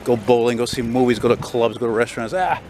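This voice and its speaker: An older man vlogging as he walks a city street, rambling and opinionated, a self-described loudmouth. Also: mid-range voice, fast talker. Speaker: walking vlogger. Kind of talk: casual walking commentary. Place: city street outdoors, walking. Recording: street noise behind.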